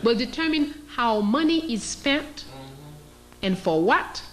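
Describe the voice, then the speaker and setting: A woman's voice: a little high, lively intonation, takes it slowly. A woman, a historian giving an emphatic, sarcastic lecture and putting questions to her audience. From Haiti. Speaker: historian and teacher.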